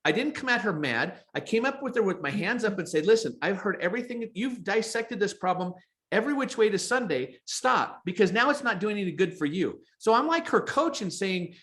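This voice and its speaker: A man's voice: high-pitched, expressive, brisk, fairly bright tone. A man co-hosting a podcast, telling a personal story in a chatty way and often repeating his words. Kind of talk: casual podcast chat.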